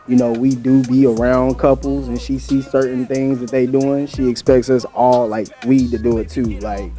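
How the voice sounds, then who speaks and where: A married man in casual group chat, speaking in halting, hesitant phrases. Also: medium pitch, flat delivery, mellow, faint music behind. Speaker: married couple panelist.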